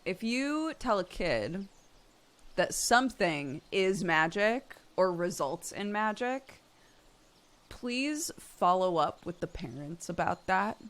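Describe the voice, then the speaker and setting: Animated woman streamer telling a story. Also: medium pitch, slow pace. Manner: animated, exasperated retelling, bursts of laughter. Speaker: streamer host. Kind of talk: casual storytelling to stream chat.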